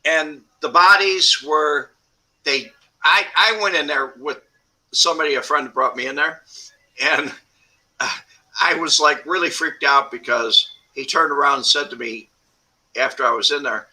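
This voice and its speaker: A man who is a guest on an interview show, telling stories casually in a halting way, with restarts and small laughs. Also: fairly high pitch, bright, forceful tone, poor audio.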